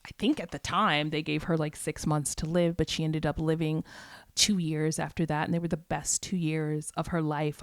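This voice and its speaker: A woman hosting a podcast, telling a personal story in a candid, reflective way, sometimes dropping to a soft whisper and speaking casually with the odd curse. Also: on the low side, dry recording, clean studio sound. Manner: casual, occasionally profane. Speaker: podcast host.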